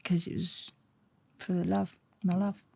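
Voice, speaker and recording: A woman's voice: on the low side, a little slow, vocal fry, husky. A woman, a guest telling blunt, slangy stories in an interview. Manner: blunt, slangy, animated storyteller. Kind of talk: storytelling in an interview.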